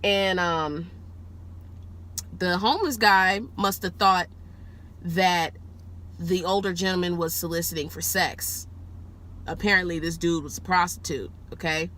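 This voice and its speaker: A woman rideshare driver telling a story to the camera from her car, casual and animated, swearing freely and jumping high in pitch when she gets excited. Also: measured pace, pauses often.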